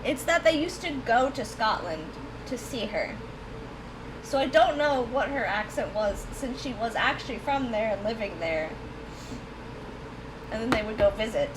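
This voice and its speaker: Woman game streamer, light Southern accent, high chatty voice, faint noise in the background. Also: expressive, normal speed. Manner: chatty, giggly, rambling. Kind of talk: casual chat while streaming a game.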